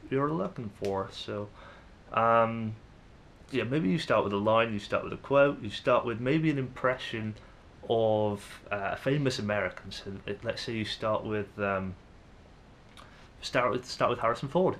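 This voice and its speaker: Unhurried and fairly low in pitch, this young English vlogger's slightly bright voice comes with some background noise. He muses to camera with an English accent, rambling and hesitating, with many fillers and restarts.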